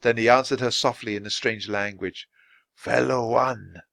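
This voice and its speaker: A man reading a children's storybook aloud, slowly and deliberately for English learners. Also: fairly low pitch, steady tone, fairly bright tone, dry recording. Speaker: storybook reader.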